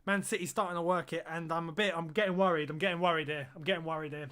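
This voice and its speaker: A man's voice: fairly high pitch, steady tone, very fast, sharp tone, clean tone. A man streaming a football watch-along, reacting live to the match and repeating phrases as he groans and exclaims at the play.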